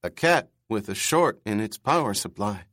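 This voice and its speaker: A man's voice: fairly low pitch, lively intonation, moderate pace, a bit bright, dry recording, clean studio sound. A man reading aloud and voicing a timid, earnest young man who stammers.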